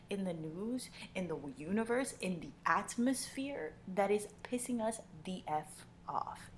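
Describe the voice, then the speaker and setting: A woman's voice: fairly low pitch, a little hiss or hum. A woman co-hosting a podcast in casual chat, telling stories and mimicking voices for laughs. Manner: storytelling, mimics voices for comic effect. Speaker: podcast co-host.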